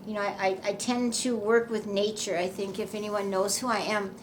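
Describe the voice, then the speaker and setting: A woman's voice: mid-range voice, flat delivery, normal speed. Woman telling her own story, earnest and emotional, lots of restarts, faint hiss behind. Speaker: doll maker and memory care worker. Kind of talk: personal storytelling to camera.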